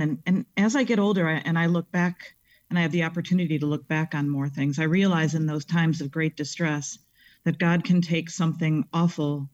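A woman's voice: sits low, darkish tone, dull audio. Reflective woman speaking thoughtfully. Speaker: guest. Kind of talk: casual interview talk.

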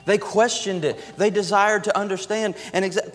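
A man's voice: high voice, steady tone, normal speed, few pauses. A man preaching a sermon in a church, emphatic and repeating phrases for effect. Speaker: pastor. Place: church sanctuary. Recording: long hall reverb.

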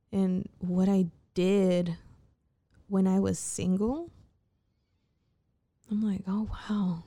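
A woman's voice: medium pitch, creaky, warm tone. A woman talking candidly to the camera in a casual late-night ramble, swearing freely and restarting her sentences. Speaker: vlogger.

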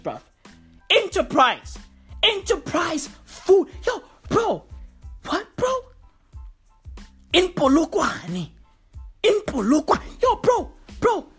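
A woman's voice: sits high, husky. A woman delivering a profane, mocking comedy rant full of slang.

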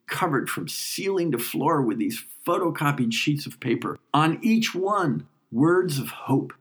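A man's voice: mid-range voice, breathy edge. A man tells his own story in a mid-range voice. He narrates reflectively and with feeling, letting moments breathe. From New York. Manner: reflective, emotional, unhurried. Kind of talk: first-person story narration.

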